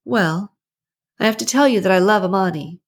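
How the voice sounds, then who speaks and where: A woman narrating an audiobook, mid-range with a breathy edge and moderate pace, voices a chatty, nosy middle-aged neighbor. The character gossips with strong opinions, sounding indignant and confiding.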